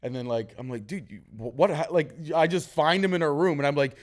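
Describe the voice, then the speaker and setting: A man hosting a casual podcast conversation, candid and storytelling, lively when he quotes others. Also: fairly high pitch, a little fast, hardly any pauses.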